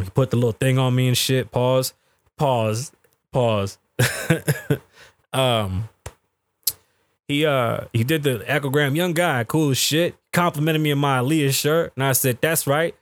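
A man in his thirties hosting a podcast, telling a story in a profane, animated way and acting out the people he quotes. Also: mid-range voice, measured pace, no room sound. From United States. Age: 30s. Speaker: podcast host. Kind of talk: casual storytelling monologue. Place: podcast studio.

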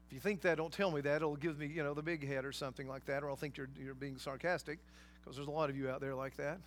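A man's voice: a little high, fairly even intonation, quick pace, a little hiss or hum. A man preaching a sermon, emphatic, with rhetorical questions and casual asides to his congregation. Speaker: pastor.

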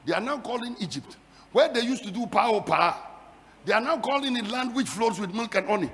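A man preaching a fiery sermon, building his repeated phrases into shouted, sing-song climaxes. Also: very high-pitched, lively intonation, brisk. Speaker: pastor. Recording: long hall reverb.

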